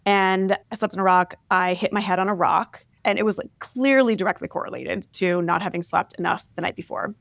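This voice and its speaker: A woman in her forties, an interview guest, telling candid personal stories in an expressive, reflective way, often adding "like" and "right?". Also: medium pitch, fairly quick, vocal fry, hardly any pauses, no room sound. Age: 40s. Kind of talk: candid conversational storytelling.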